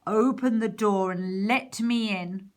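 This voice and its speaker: A woman voicing a sly, growly male wolf in a storybook reading, drawing out loud threats. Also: mid-range voice, natural voice. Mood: menacing. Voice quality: growly, gruff. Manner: slow, drawn-out loud threats.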